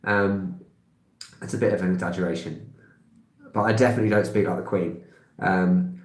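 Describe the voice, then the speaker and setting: This thirties-aged English travel vlogger speaks with a London accent and a lowish voice, talking fairly quickly but pausing often. He's rambling through viewer comments on a live stream, casual and sprinkled with fillers and little laughs. The room lends the audio a noticeable echo.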